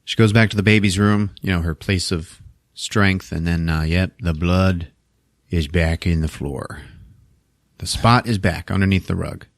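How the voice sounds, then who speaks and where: A man's voice: deep voice, fairly even intonation, a little slow, dry recording, studio quality. A man casually recapping a movie on a podcast, swearing a lot and acting out the characters' lines in put-on voices. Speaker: podcast host recapping a film.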